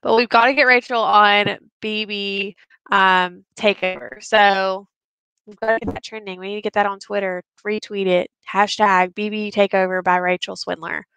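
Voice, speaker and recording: Bright giggly Texan woman. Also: mid-range voice, steady tone, moderate pace, clean tone, no echo, rough recording. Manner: giggly, rambling, drinking wine on air. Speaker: co-host. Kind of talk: casual live-stream chat.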